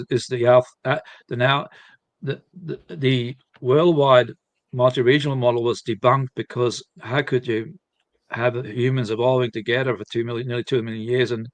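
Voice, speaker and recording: Halting man, dry close sound. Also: mid-range voice, dry recording. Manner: halting, many restarts and repeated words. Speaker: guest speaker. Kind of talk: live seminar discussion.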